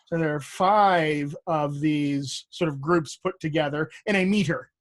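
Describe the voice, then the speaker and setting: A man's voice: a little high, a little slow. A man co-hosting a casual lesson on verse, playful and tapping out rhythms aloud. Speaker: co-host explaining verse. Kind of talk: casual teaching chat.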